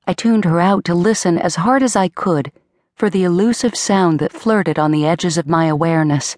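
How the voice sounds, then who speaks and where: A woman narrating an audiobook in a measured, dramatic first-person storytelling manner, on a close studio mic. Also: on the low side, lively intonation, a little mellow, no echo. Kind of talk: scripted narration.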